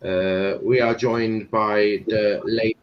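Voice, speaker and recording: A man's voice: lowish voice, little pitch movement, takes it slowly, crowd noise. A man hosting a football watchalong stream, casual, blunt and swearing. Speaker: watchalong host. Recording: dull lo-fi stream mic with faint noise.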